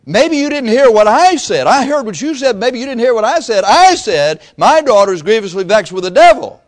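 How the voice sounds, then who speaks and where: A woman's voice: lowish voice, very animated, moderate pace. A man acting out a desperate mother who keeps pleading for her daughter, with a bold, insistent manner.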